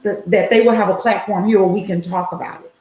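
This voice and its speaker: A woman's voice: medium pitch, fairly even intonation, fast talker, darkish tone, highs cut off. A woman co-hosting a casual talk show over a video call from her home office, with an encouraging, affirming manner. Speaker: co-host. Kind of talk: casual chat. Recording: roomy echo.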